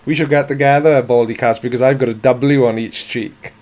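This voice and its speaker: A man in his forties from South Wales, with a Welsh accent and a mid-range, darkish voice, hosts a live stream. He reads and answers chat with a dry, self-mocking, playful humor.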